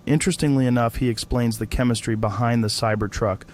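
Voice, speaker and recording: A man's voice: medium pitch, fairly even intonation, fast, darkish tone. A man hosting a comedic interview sketch, sarcastic and profane with a mock-serious delivery. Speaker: host.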